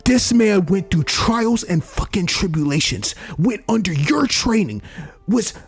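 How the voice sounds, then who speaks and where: A young man commentating on a story game, reacting loudly with slang and swearing. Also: sits high, lively intonation, measured pace, husky, soft background music. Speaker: gaming YouTuber. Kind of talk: let's play commentary.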